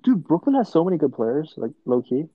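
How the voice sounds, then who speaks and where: A man's voice: fairly high pitch, sing-song, a little fast, breathy edge, no room sound, narrow, tinny audio. A young man in casual chat with friends, rambling with lots of "bro" and "like", on headphones over a call. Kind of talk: casual chat about basketball.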